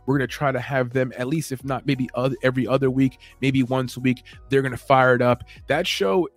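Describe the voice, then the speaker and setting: A man's voice: medium pitch, fairly even intonation, a little fast, dry recording, soft background music. A man hosting a late-night podcast, talking casually and rambling, with many fillers and self-corrections. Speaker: podcast host. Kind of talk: casual show announcements.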